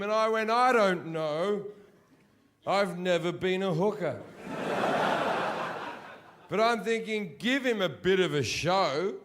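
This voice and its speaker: A man performing a stand-up routine, crude and swearing, mimicking the people in his stories and swinging from low mutters to shouts. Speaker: stand-up comedian. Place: comedy stage before an audience.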